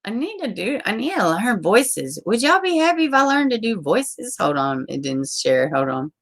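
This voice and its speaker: A woman's voice: a little high, sing-song, normal speed. A woman streamer rambling casually to her viewers, swearing often and trailing off mid-thought. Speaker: live streamer.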